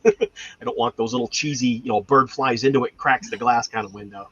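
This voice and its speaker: Slightly rough and a bit bright, this mid-range male voice moves a little fast. He's a homestead channel host rambling through casual, filler-heavy stories, recorded dry with a dull lo-fi sound.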